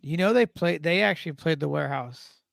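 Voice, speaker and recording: A man's voice: on the high side, brisk, creaky, a bit bright, dry recording. A man hosting a podcast interview, laid-back, giving brief reactions and asking questions. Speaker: podcast host. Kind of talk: casual interview chat.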